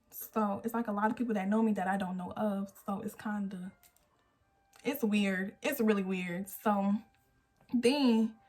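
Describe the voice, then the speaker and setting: A woman's voice: medium pitch, a little mellow. An eighteen-year-old woman telling a storytime vlog, acting out the quotes as she goes. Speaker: vlogger. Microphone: phone camera.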